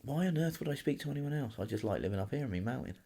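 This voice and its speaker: A man's voice: mid-range voice, animated, very fast, creaky, dark tone. A middle-aged man, co-hosting a podcast in dry, plain-spoken, grumbling chat. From England. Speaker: podcast co-host. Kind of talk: casual chat.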